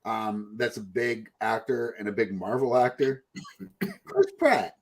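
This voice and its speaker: A man's voice: on the low side, measured pace. A man hosting a podcast, chatting casually in a rambling, profane way. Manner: rambling, profane, puts on mocking voices. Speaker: podcast host. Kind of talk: casual chat.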